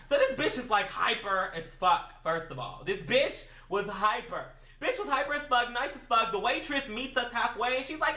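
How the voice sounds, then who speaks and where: A woman's voice: on the high side, animated, fairly quick, few pauses, pushed and bright. A woman telling a funny personal story in a casual, slangy, self-mocking way. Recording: echoey room, mic at a distance.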